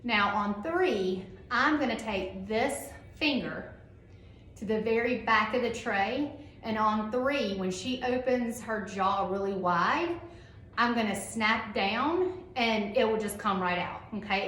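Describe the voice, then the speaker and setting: A woman instructor, demonstrating a procedure to a class in a loud, upbeat teaching voice that she sometimes softens to soothe a patient. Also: mid-range voice, unhurried. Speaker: dental assisting instructor. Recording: echoey room with faint noise.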